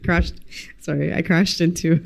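A woman, a podcast guest, telling stories in lively casual chat, acting out quotes and swearing freely. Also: fairly low pitch, unhurried, gravelly. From United States. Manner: animated storyteller who acts out quotes and swears freely.

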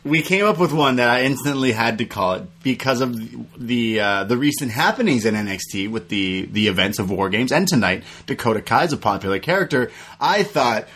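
Animated young man telling stories. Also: medium pitch, fairly quick, hardly any pauses, breathy edge. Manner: animated storytelling, acts out quotes. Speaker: podcast co-host. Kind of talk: casual chat.

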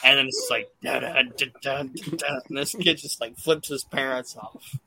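Bright-voiced, rambling podcast host. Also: male voice, medium pitch, moderate pace, slight background noise. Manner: rambling and profane, lots of fillers. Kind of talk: casual podcast chat recapping wrestling shows.

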